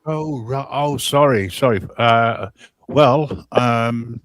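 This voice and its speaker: A man's voice: mid-range voice, slow pace, no room sound. A man from the Wirral with a Wirral English accent, chatting casually on a stream with a wry, self-deprecating manner. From England, the Wirral. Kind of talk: casual chat.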